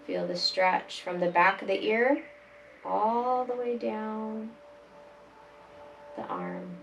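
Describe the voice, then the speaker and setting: A woman leading a chair yoga class, giving calm, gentle step-by-step cues for breathing and stretching. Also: mid-range voice, takes it slowly, gravelly, slight background noise. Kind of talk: guided exercise instruction. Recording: voice from a distance, faint background music.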